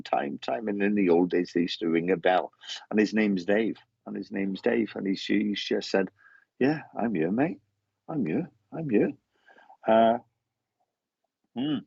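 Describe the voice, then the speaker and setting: A man gives a live mediumship reading in halting, repetitive bursts, often restarting his sentences. His voice is very low, husky and gravelly. The dry recording sounds slightly dull and lo-fi. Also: darkish tone, no echo. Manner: halting, repetitive, with many restarts and self-corrections.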